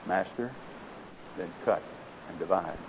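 A man voicing a humble, devoted male bamboo tree that speaks softly and tremblingly. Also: medium pitch, moderate pace, gravelly, natural voice. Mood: hushed. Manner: soft, hushed and trembling. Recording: slightly dull with faint hiss.

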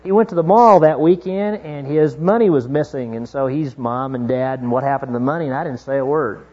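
A middle-aged male pastor preaching a sermon, moving from hushed storytelling to fervent exhortation. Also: medium pitch, fairly quick. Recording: dull lo-fi recording.

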